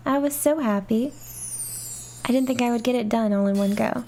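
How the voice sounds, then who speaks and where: A young adult woman gaming streamer giving chatty let's play commentary, talking softly to herself with excited squeals. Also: fairly high pitch, normal speed, long pauses.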